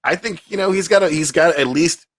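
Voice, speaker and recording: A man's voice: a little high, brisk, dry recording, studio quality. A man, co-hosting a podcast in casual, rambling chat. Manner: animated, rambling, laughs often. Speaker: podcast co-host.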